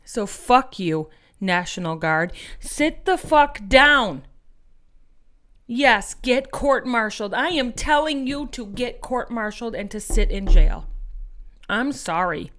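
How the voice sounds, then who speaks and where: A woman's voice: mid-range voice, expressive, a little slow, a bit bright. Fiery, profane woman ranting. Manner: angry, profane, rallying; addresses listeners as friends. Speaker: activist podcast host. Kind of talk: impassioned political monologue.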